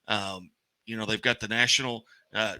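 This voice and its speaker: Easygoing Missouri sports co-host. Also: male voice, fairly low pitch, fairly even intonation, moderate pace, bright, forceful tone, dry recording, low-quality recording. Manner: easygoing, rambling. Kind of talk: casual sports talk.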